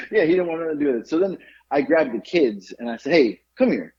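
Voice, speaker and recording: A man hosting a podcast, telling a story in an animated, exasperated way over dull lo-fi audio. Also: a little high, normal speed, gravelly. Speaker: podcast host. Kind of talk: casual chat, storytelling.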